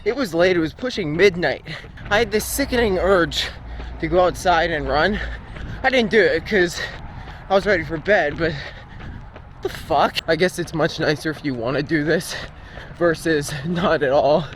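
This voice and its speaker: A man's voice: on the high side, normal speed, a bit bright. A young man chatting casually into a handheld camera while out jogging on the road, with wind and passing traffic around him. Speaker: vlogger training for a marathon. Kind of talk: casual running vlog. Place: outdoors on roads while running. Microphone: handheld camera while running. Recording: faint outdoor noise with wind.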